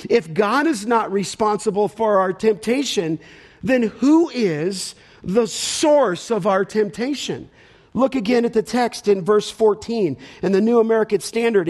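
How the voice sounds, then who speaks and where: A man teaching scripture as a pastor, emphatic and repetitive for stress, pausing to ask the audience to fill in words. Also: very high-pitched, darkish tone. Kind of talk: expository Bible teaching.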